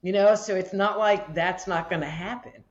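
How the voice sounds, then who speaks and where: A woman's voice: mid-range voice, normal speed. A woman speaks as a podcast guest and explains her practice with everyday examples. Her voice is in a middle range. The audio is dull and muffled, like a remote call. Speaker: guest, energy healer. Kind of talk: casual interview chat.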